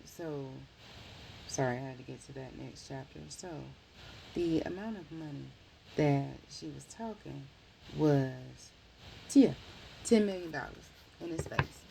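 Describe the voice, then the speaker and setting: Woman book reviewer, low gravelly voice, dark tone, rambling animated retelling with self-corrections. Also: measured pace, pauses often, slight background noise, poor audio.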